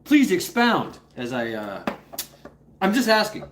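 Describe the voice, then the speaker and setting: This livestream host has a high-pitched voice with huge pitch swings and takes his time speaking. Between playful, rambling remarks he welcomes viewers by name and coaxes his dog, over a slight hiss or hum.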